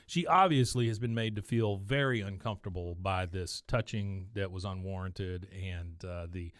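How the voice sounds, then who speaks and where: A man's voice: low voice, dry recording, studio quality. A man hosting a podcast, casually retelling cartoon scenes and acting out the characters' lines. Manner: acts out characters' lines in quick voices. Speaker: podcast host recapping episodes.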